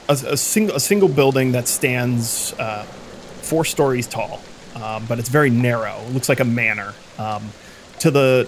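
A man narrating a tabletop game as game master, halting often with fillers and restarts. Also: mid-range voice, slight background noise.

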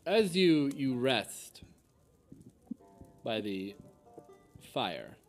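A man narrating as game master of a tabletop game, halting, with many fillers and restarts. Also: medium pitch, sing-song, soft background music.

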